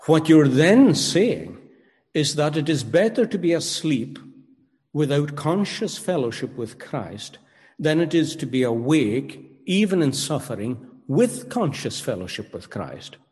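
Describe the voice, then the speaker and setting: A man preaching a sermon, emphatic and rhetorical, pausing dramatically and questioning his listeners. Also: on the high side, very animated, a little mellow. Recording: long hall reverb.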